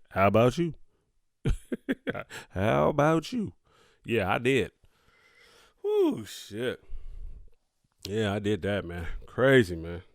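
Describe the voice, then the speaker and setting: A young man hosts a podcast by himself, addressing his listeners directly in a casual, profane, laughing monologue. His voice is on the low side with wildly swooping pitch, and he talks very slowly with long pauses. The studio sound is clean, with no echo.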